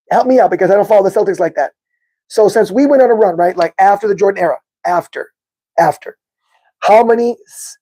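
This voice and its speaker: Excitable man chatting with live viewers. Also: high voice. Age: adult with a son. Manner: excitable, talks to chat viewers by name, says bro a lot. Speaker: podcast host. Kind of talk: casual live-stream chat.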